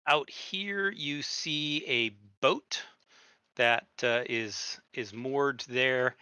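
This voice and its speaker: Man, game master, very bright tone, dry close sound, halting narration. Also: mid-range voice, clean tone, no room sound. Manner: halting, many fillers and restarts.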